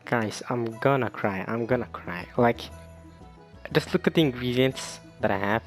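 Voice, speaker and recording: A young man giving casual let's-play commentary, excitable and stammering, repeating himself as he talks. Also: medium pitch, moderate pace, soft background music. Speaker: gaming video creator.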